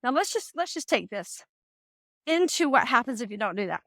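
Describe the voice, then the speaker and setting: A middle-aged woman hosting a podcast, telling a personal story in a chatty, animated way with quoted dialogue. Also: on the high side, moderate pace, no echo, clean studio sound. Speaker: podcast host. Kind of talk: casual advice monologue.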